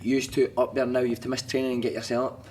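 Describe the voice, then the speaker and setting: A man's voice: mid-range voice, flat delivery, quick pace, a little mellow, slight background noise. A Scottish man, a former footballer and podcast guest, telling stories in casual chat, swearing freely, laughing through them and acting out other people's lines. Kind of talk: casual storytelling. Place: studio couch.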